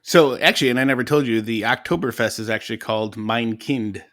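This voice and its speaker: A man's voice: medium pitch, fairly quick, a bit bright. A man co-hosting a casual podcast chat, joking around with playful asides. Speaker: podcast co-host.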